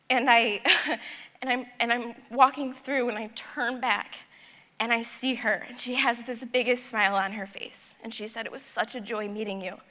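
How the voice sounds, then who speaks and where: A woman giving a personal storytelling talk at a conference, animated and acting out the dialogue. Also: mid-range voice. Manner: animated, acts out dialogue in her stories. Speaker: conference speaker. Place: large conference hall. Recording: long hall reverb.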